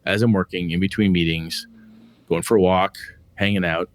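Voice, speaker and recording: A middle-aged man co-hosting a podcast, chatting casually in an animated way and swearing freely as he tells stories. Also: low voice, moderate pace, dry recording. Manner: animated, profane, storytelling. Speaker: podcast co-host. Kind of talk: casual chat.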